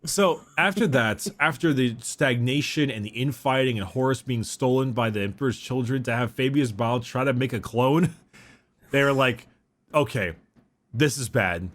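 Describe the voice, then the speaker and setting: A man's voice: medium pitch, moderate pace, a bit bright. A man co-hosting a podcast in a casual, rambling way, laughing often and fumbling names. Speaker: podcast co-host. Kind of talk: casual chat.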